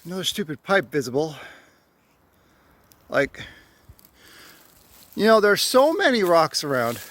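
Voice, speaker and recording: Slow-talking man rambling on a trail. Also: on the high side, no echo. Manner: chatty, wry asides to himself. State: out of breath. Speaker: hiking vlogger. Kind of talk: rambling solo trail vlog. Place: wooded hiking trail outdoors.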